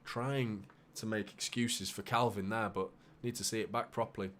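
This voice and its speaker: A man hosting a live football watchalong, calling the play with bursts of excitement and muttered asides. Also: fairly low pitch, moderate pace, slight background noise. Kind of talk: live match commentary for a fan watchalong.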